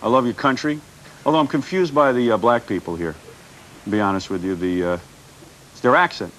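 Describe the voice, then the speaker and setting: An American man, a radio host guesting on a TV studio show, brash and needling with deadpan provocations. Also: mid-range voice, fairly quick, a little hiss or hum, rough recording. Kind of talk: provocative talk show banter.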